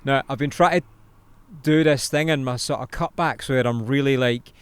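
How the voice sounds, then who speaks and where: A young Scottish man co-hosting a podcast, telling animated stories in casual chat, laughing often and swearing. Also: mid-range voice, moderate pace, clear, resonant tone, no room sound. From Scotland. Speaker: podcast co-host.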